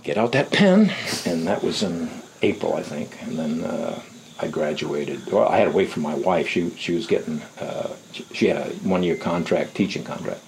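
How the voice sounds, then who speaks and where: An older man being interviewed, telling rambling, unhurried anecdotes and acting out the voices of people he quotes. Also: low-pitched, steady tone, gravelly, a little mellow, a little hiss or hum, rough recording. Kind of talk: casual anecdotal storytelling.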